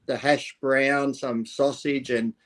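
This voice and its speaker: A man's voice: mid-range voice, flat delivery, slow, fairly bright tone. A man co-hosting a casual chat, joking and chiming in with quips. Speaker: regular co-host.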